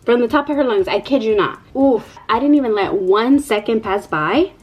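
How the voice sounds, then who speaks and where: A woman's voice: a little high, animated, moderate pace, slightly rough, muffled recording, faint music behind. A young mother telling a casual, profanity-laced vlog story, full of fillers like "like" and "you know.". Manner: chatty, profane, many fillers. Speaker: vlogger, mother.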